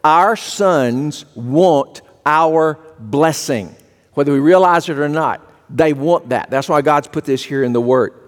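A male pastor preaches in a folksy, storytelling manner and often restarts on a repeated word. His voice sits somewhat high for a man, and a long reverb trails it through the church hall. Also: takes it slowly. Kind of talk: sermon.

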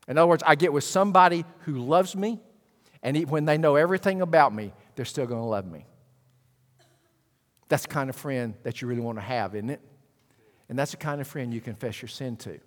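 A man preaches a sermon, talking to the congregation in a conversational way and moving from quiet asides to loud bursts. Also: mid-range voice, in a large hall. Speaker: pastor.

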